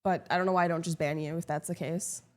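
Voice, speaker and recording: Deadpan sarcastic young woman streamer. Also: fairly low pitch, fast. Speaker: live streamer. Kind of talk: casual live-stream chat with viewers.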